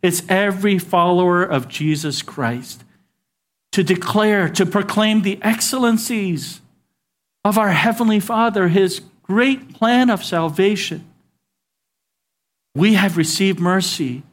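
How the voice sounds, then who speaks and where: A man's voice: sits high, slow. A male pastor preaching a sermon in a conversational style, with asides and call-and-response to the congregation.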